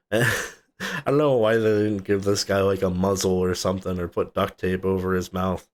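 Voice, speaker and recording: A man with a low, deep voice talking casually on a movie podcast. He rambles through scenes, drops swear words and laughs as he goes. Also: level tone, moderate pace. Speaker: podcast co-host.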